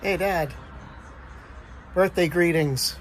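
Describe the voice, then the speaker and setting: A man's voice: fairly high pitch, slow pace, slight background noise. A man recording a birthday greeting to his father, fondly recalling childhood with many uhs. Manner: fond reminiscing, hesitant with uhs. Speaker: son.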